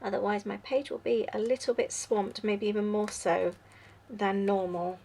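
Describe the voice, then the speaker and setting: A woman in her thirties hosting a relaxed journaling vlog, chatting and musing aloud while she works. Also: medium pitch, moderate pace, gravelly, background noise. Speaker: journaling channel host. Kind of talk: casual crafting chat.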